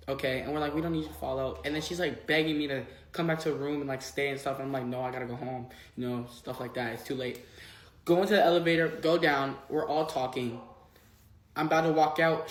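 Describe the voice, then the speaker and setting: A man's voice: a little high, echoey room, poor audio. A man telling a personal story casually, acting out quoted dialogue and saying "like" a lot. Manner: rapid retelling full of quoted dialogue and filler "like". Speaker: vlogger.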